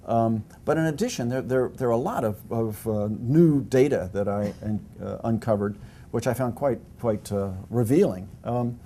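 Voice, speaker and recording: An older man, a historian appearing as a guest, answers interview questions at length in a fairly low, warm voice, with slight background noise. His speech is full of fillers and restarts, touched with dry humor.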